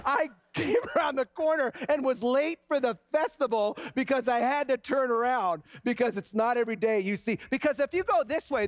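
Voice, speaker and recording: A man in his forties preaching a sermon as pastor, telling lively stories before slowing to a quiet, earnest close. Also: very high-pitched, dry recording. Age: 40s. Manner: animated storytelling that drops to a quiet, slow, earnest close.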